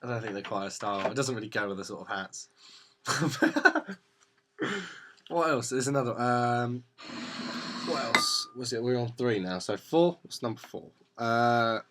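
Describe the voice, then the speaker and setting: A man's voice: mid-range voice, measured pace, sharp tone, a little hiss or hum. A young man from Essex with an Essex English accent, rambling and laughing through a casual vlog chat as co-host. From Essex, England. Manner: rambling, laughs often, trails off.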